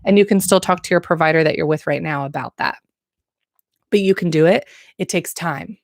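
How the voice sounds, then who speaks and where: A woman birth nurse gives casual, to-camera advice in a slightly low voice. She talks frankly, with slang and encouragement. The sound is dry and close, with no room echo. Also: fairly quick, gravelly.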